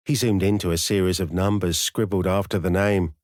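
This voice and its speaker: A man reading a dark romance audiobook as narrator, with a measured, even storytelling delivery on a close studio mic. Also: low voice, dry recording.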